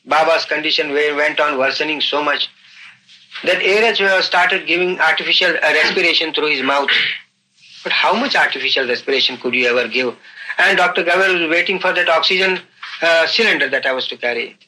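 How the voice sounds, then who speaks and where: An older man recounting events in an unscripted interview, earnest and halting, often saying "you see". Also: a little high, sharp tone, low-quality recording. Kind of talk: unscripted storytelling.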